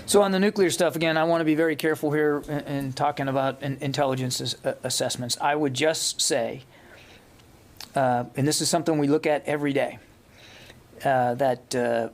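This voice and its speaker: Cautious man briefing the press. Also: medium pitch. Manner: measured, cautious, many hesitations and restarts. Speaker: press secretary. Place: briefing room.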